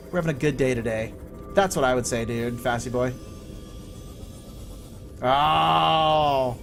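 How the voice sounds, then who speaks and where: A man from California chatting excitably and swearing casually while he streams a video game. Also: a little high, slight background noise. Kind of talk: live gameplay stream chat.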